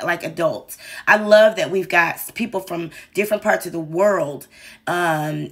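Woman, 40s, commentary host: low-pitched, candid, playful, salty, loose. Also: fairly bright tone. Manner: candid, playful, swears and laughs at own jokes. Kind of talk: casual commentary monologue.

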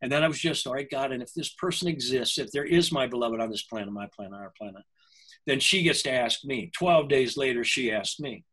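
A man's voice: mid-range voice, brisk, fairly bright tone, slightly rough, rough recording. An older man, a language coach, telling a personal story in an interview, earnest and often breaking off and restarting his sentences.

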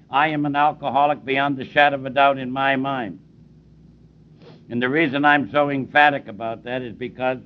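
An older man speaking at a recovery meeting, plainspoken and emphatic, repeating key phrases for stress. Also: medium pitch. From Cleveland, US. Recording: dull lo-fi tape recording.

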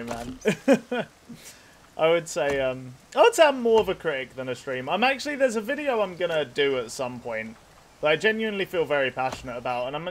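A young man with a nasal, rather high voice, commentating a game stream in a loose, chatty way. He swears freely and drifts between tangents as he plays. Faint noise and clicks sit behind him. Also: a bit bright. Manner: chatty, swears freely, rambles while gaming. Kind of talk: casual let's play commentary with chat.

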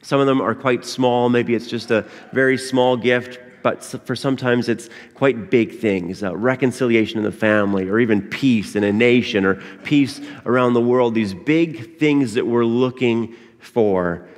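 A pastor giving a sermon in a conversational manner, with frequent pauses and fillers. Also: male voice, mid-range voice. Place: church sanctuary. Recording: long church reverb.

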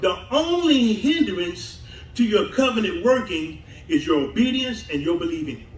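Laughing high-voiced pastor, echoey church. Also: male voice, expressive, moderate pace. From southern United States. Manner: laughing, conversational preaching with call-and-response. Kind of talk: sermon. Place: church sanctuary. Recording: echoey church hall mic from a distance.

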